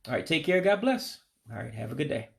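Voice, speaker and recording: A man teaching vocabulary in a casual lesson, patiently repeating words slowly and admitting when he stumbles. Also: fairly high pitch, sing-song, creaky. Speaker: language learner teaching vocabulary.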